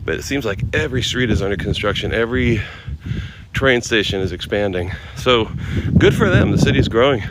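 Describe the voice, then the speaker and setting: A man's voice: lowish voice, brisk. Man, casual live-stream chat, walking outdoors, thinks aloud, thanks viewers, street noise behind. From United States. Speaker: live-streaming travel vlogger. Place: outdoors on windy city streets. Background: wind and passing traffic.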